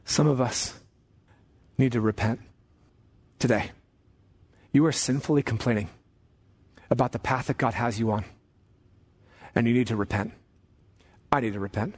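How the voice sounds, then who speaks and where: A man preaching a sermon as pastor, emphatic, slowing down and rising on key commands. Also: medium pitch, a little mellow, breathy edge.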